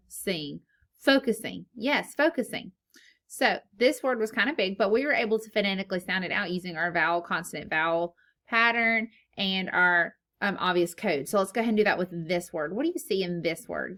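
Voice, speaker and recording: A woman's voice: medium pitch, brisk, fairly bright tone. Patient woman teaching a phonics lesson. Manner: patient, asks questions and answers them herself. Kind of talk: phonics lesson for young children.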